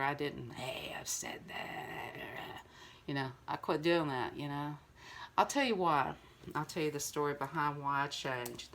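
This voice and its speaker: A woman's voice: low voice, a bit bright. Older woman, earnest rambling talk. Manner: rambling, earnest, full of "you know". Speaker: vlogger. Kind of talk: casual heartfelt monologue to viewers.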